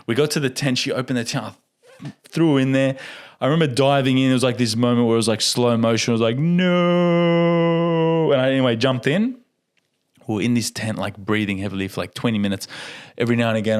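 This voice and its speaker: A young man, a podcast guest, telling a story in a casual and animated way, laughing often and acting out what people said. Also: on the low side.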